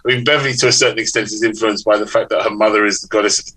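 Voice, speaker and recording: A man's voice: lowish voice, fairly even intonation, rapid-fire, bright, forceful tone, breathy edge, poor audio. A middle-aged man from London with a London accent, a chatty author guest in a casual interview who laughs often and restarts his sentences. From London, England.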